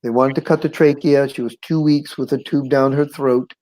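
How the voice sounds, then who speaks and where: Man, middle-aged, show guest, personal testimony, conversational storytelling, animated, acts out quotes, average pitch. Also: moderate pace, low-quality recording. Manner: animated, acts out quoted voices, chuckles often; conversational with frequent "you know what I'm saying". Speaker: guest sharing his life story.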